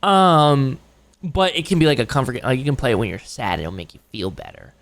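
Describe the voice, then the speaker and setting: A young man live-streams and reacts to a video, chatting loosely with his viewers in a mid-range, slightly bright voice at a fairly quick clip. He rambles and swears a lot, cracks jokes, and keeps slipping into mocking voices.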